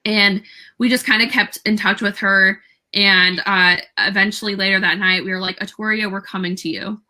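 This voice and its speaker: A young woman, a guest on a talk show, telling a story casually with many fillers and lively quoted dialogue. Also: medium pitch, normal speed, poor audio.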